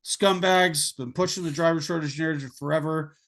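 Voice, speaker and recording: A man's voice: on the high side, steady tone, brisk, a bit bright. A man from Canada hosting a podcast interview, blunt and opinionated as he talks. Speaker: podcast host. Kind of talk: conversational interview.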